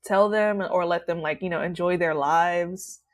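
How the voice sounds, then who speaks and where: A woman hosting a podcast in casual chat, animated and laughing often. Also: on the low side, normal speed. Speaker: podcast host.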